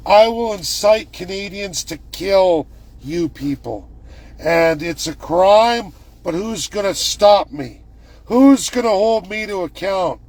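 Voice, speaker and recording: A man putting on the voice of an arrogant male government official, contemptuous and shouting. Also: high-pitched, lively intonation, no room sound, voice pushed up, heavily acted. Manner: contemptuous, shouting, drawn-out sneer.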